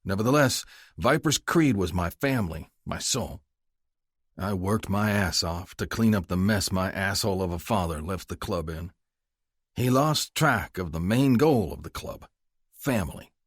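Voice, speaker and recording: A young adult man narrating a romance audiobook in first person, with a blunt, gruff delivery. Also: sits low, expressive, unhurried, dry recording, studio quality.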